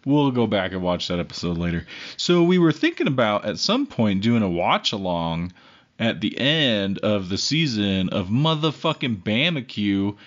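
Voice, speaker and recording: A man's voice: lowish voice, sing-song, moderate pace. A young man co-hosting a podcast, rambling and joking with plenty of swearing, sharing one microphone with his co-host. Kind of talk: casual podcast banter. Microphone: one shared microphone. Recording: dull lo-fi sound.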